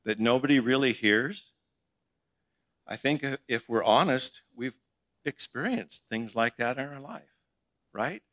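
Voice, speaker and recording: A man's voice: mid-range voice, animated, a little slow, long pauses, a bit bright, dry recording. A middle-aged male pastor giving a conversational sermon in church, asking his congregation questions as he teaches.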